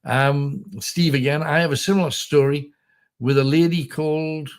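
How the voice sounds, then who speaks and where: A man's voice: a little high, steady tone, moderate pace. A middle-aged man from North East England, hosting a casual, rambling livestream chat, reading viewer comments and telling jokes in a self-deprecating way. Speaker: host.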